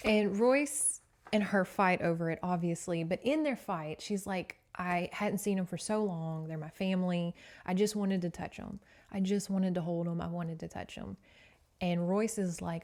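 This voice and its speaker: A woman's voice: on the low side, moderate pace, darkish tone. A woman hosting a podcast, casually recapping a novel with sass and swearing. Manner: chatty, sassy, swears freely. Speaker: podcast host.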